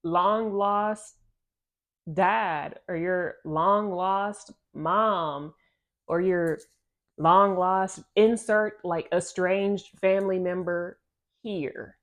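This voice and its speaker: A woman's voice: fairly low pitch, steady tone, extremely slow. A woman doing a pushy, entitled long-lost parent. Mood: overly casual. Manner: breezy, overly familiar, entitled. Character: pushy estranged parent showing up wanting money.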